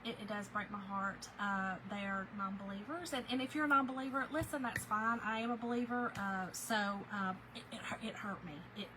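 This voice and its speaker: A woman's voice: mid-range voice, fairly quick, hardly any pauses, background noise. A woman hosting a casual livestream, shaken and emotional as she confides in her viewers and often says "y'all". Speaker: livestream host.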